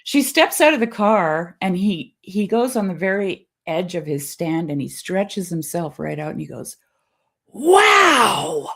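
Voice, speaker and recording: A middle-aged woman with a somewhat low voice tells stories in easy, casual conversation. Her delivery is animated, with laughter slipping in and quotes acted out in a changing pitch. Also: moderate pace, few pauses. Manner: animated, laughing storyteller who acts out quotes in a varied pitch. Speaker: guest.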